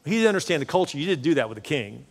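A male pastor preaches with fervent conviction and doubles back on words for emphasis. His voice sits a touch high and carries long reverb through a large church auditorium. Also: sing-song, rapid-fire. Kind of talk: sermon.

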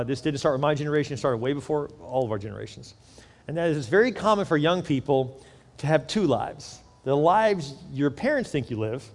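A man's voice: fairly high pitch, darkish tone. A man preaching a sermon in a conversational way, using everyday examples and often repeating words as he starts a sentence. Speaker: pastor. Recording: reverberant hall.

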